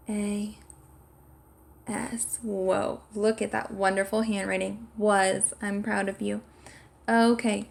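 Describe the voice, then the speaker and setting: A woman's voice: medium pitch, vocal fry, a little mellow. A woman teaching a sight-word lesson to young children, encouraging them and spelling each word out letter by letter. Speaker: kindergarten teacher. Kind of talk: slow, clear classroom instruction.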